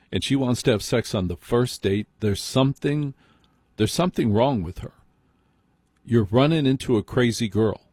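A man's voice: fairly low pitch, darkish tone, husky, dry recording, clean studio sound. A man hosting a call-in radio show, talking in an opinionated, conversational way and acting out short mock dialogues. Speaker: radio talk show host. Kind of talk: talk radio monologue.

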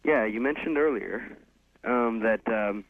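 A man calls into a radio show over a tinny phone line. He hesitates and fills his pauses with ums and uhs. His voice sits at a mid pitch with a dry sound. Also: slight background noise. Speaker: caller.

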